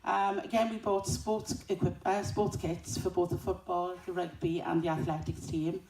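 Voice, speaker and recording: Creaky-voiced woman, hesitant. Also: fairly low pitch, flat delivery, moderate pace, darkish tone. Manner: hesitant, self-correcting. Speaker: school representative. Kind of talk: short speech at a community event. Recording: echoey hall from far off, faint noise.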